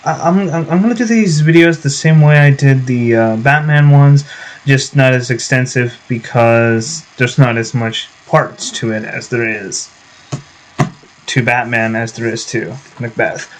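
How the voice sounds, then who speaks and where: Young male vlogger, mid pitch, loose rambling delivery. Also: a little slow, poor audio. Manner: rambling, full of restarts and fillers. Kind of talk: casual vlog talk.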